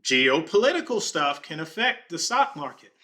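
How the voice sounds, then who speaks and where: Chatty man with a bright voice, thinking aloud. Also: fairly high pitch, big pitch swings, moderate pace. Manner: thinks aloud, stumbles over words, jokes to chat. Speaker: podcast host. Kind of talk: casual screen-share commentary on stocks. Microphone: desk microphone.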